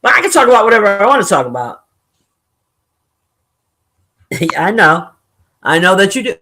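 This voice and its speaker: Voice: mid-range voice, very animated, normal speed, bright, forceful tone, a little hiss or hum. A streamer talks loosely to the chat in a mid-range voice. The tone is blunt and opinionated, with frequent cursing and laughter. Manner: profane, joking, laughs often. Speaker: live streamer reading chat. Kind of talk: casual live-stream chat.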